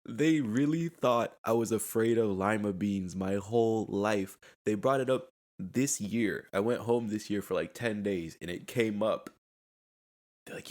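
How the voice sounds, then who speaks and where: Young man, low voice, rambling solo podcast chat, laid-back, laughs at himself. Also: a little slow, a little mellow. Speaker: podcast host. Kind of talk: casual solo podcast monologue. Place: at home.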